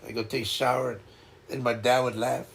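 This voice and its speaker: An older man hosting a casual livestream chat, talking in a reflective, halting way and often repeating words as he starts over. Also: mid-range voice, flat delivery, gravelly, a bit bright. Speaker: livestream host.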